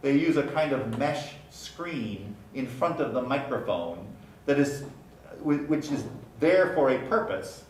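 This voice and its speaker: A man lecturing on phonetics, speaking deliberately and repeating example words to demonstrate sounds. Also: medium pitch, lively intonation, darkish tone, a little hiss or hum. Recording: echoey room, mic at a distance, faint ambience.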